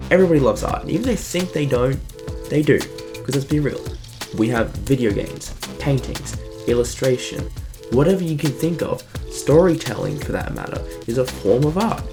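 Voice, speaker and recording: A man's voice: a little high, gravelly. A man giving casual, sarcastic, rambling commentary from his bedroom. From Australia. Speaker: YouTube commentator. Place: home bedroom.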